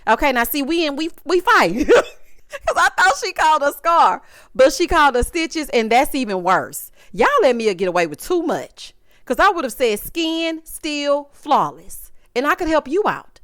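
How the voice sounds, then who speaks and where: Sassy high-voiced woman dishing on reality TV. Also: very animated, a bit bright, no echo, clean studio sound. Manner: sassy, dramatic, quick to mimic people. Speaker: reality TV recap host. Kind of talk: casual recap commentary.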